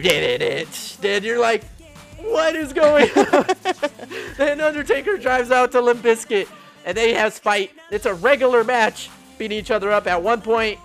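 A man's voice: sits high, vocal fry, fairly bright tone. A man hosting a casual podcast, rambling through stories and acting out quotes with frequent laughs. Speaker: podcast host. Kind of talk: casual wrestling chat.

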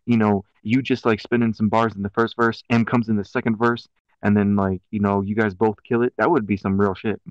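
A man's voice: lowish voice, flat delivery, a little fast, no room sound, dull audio. Rambling young man with a country twang. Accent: country twang mixed with city slang. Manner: rambling, many fillers and restarts. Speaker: podcast co-host. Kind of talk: casual chat.

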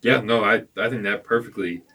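A man's voice: lowish voice, brisk, bright, forceful tone. A man co-hosting a sports podcast, talking in an easygoing, rambling way with fillers. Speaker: podcast co-host. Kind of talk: casual sports chat.

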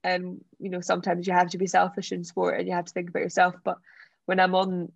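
Excitable Scottish woman with gravelly edge. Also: fairly low pitch, fast talker, no room sound, lo-fi sound. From Scottish Borders. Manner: excitable, laughs often, acts out quotes. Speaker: athlete guest. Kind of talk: animated storytelling interview.

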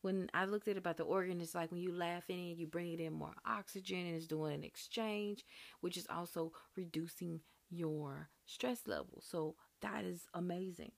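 A woman's voice: on the low side, fairly even intonation, moderate pace, vocal fry, dry recording. A woman hosting her own podcast, talking in an earnest, chatty and encouraging way. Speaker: podcast host. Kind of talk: casual solo podcast talk.

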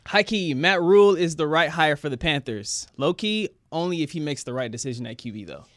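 A man's voice: fairly high pitch, animated, a little fast, no room sound. A man talking sports as a guest on a podcast, easygoing and chuckling along. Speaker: guest football coach. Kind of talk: casual sports talk.

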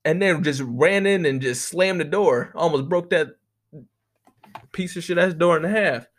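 A man's voice: fairly high pitch, a little slow. An American man doing a comedic monologue, telling rambling stories and ranting with constant profanity. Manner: profane, animated, rambling storytelling.

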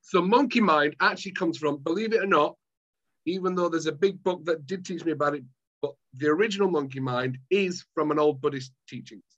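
A Scottish man with a voice on the high side talks fairly quickly over dull audio. Guesting in a casual chat as a mind management coach, he animatedly plays out scenes from his own story, voicing his past self.

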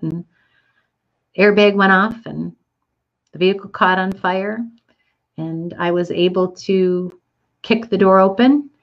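A woman's voice: lowish voice, dull audio. A woman telling her listeners a personal story in an earnest, reflective way, with frequent fillers. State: getting teary.

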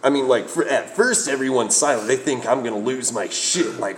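Young male comic, low voice, swearing and laughing through a casual story, light room noise. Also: brisk, gravelly, few pauses. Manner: profane, laughing, acts out quotes. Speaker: comedian.

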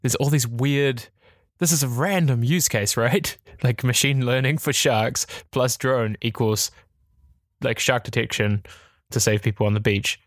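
A man hosting a casual tech podcast from indoors, excitable and laughing often as he talks. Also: mid-range voice, a little slow, dry recording, studio quality. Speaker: podcast host. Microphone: large studio microphone.

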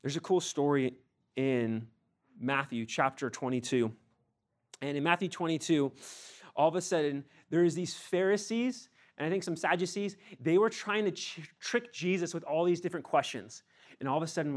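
Young male preacher, animated sermon delivery, swings between hushed and loud, casual slang. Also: a little high, brisk. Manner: animated, acts out scripture scenes in casual slang.

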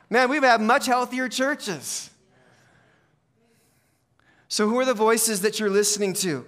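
High-voiced preaching man, soft to fervent. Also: animated, measured pace, long pauses. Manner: dynamic preaching, swinging from soft and low to loud and emphatic. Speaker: pastor. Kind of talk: sermon. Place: church.

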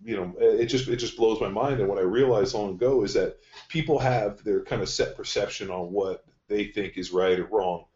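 Male podcast host, deep-voiced and blunt, swears freely, dull roomy recording. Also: darkish tone. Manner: blunt, profane storytelling. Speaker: podcast host, strength coach. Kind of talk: casual podcast talk. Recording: dull, roomy studio sound.

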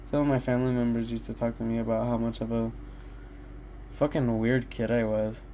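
A man's voice: mid-range voice, level tone, brisk, dark tone, slight background noise. A young man in his own room, rambling candidly and swearing often in a casual solo talk to his listeners. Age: young adult. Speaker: podcast host.

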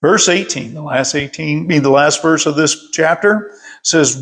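A man's voice: fairly high pitch, normal speed, a bit bright. An older man leading a casual Bible study from his workshop, folksy and chuckling as he tells stories.

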